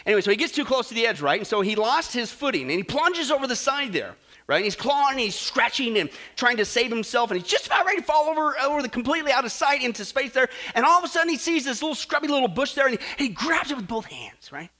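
A man preaching a sermon, animated and jokey, acting out stories and swinging between loud and soft. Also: very high-pitched, quick pace. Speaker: pastor.

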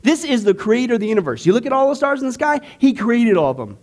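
A man teaching a church discipleship class in a conversational, animated way, joking with the class and acting out everyday people. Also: very high-pitched, fast talker. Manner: conversational, jokes with the class, acts out skeptics.

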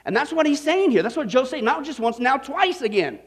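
A man preaching a sermon as pastor, animated and interactive, often asking the audience questions. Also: very high-pitched, fairly quick, husky.

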